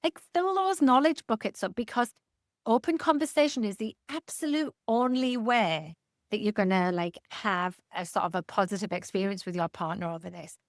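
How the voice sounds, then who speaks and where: A woman's voice: medium pitch, moderate pace, no echo, studio quality. A woman in her fifties, a guest expert in a casual podcast interview, talking candidly with jokes and casual swearing.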